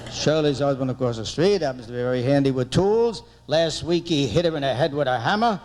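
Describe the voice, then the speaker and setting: A man doing a stand-up comedy routine with animated, punchy storytelling. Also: on the high side, brisk, a little hiss or hum.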